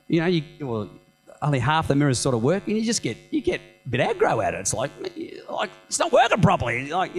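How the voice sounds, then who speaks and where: Lively pastor, high-pitched voice. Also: male voice, poor audio. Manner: animated, humorous, conversational, with self-mocking asides. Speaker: senior pastor. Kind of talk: sermon.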